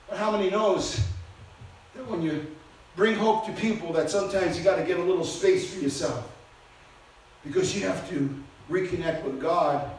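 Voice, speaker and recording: A man preaching a sermon to a responsive congregation, impassioned and swinging between loud exhortation and hushed intensity. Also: sits high. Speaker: pastor. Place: church sanctuary with congregation. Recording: roomy church reverb.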